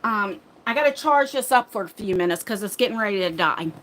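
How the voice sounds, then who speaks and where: A woman hosting a casual livestream chat from her phone, flustered and chatty as she thinks out loud. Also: medium pitch, lively intonation, a little fast, a little hiss or hum. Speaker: livestream host. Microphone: phone mic.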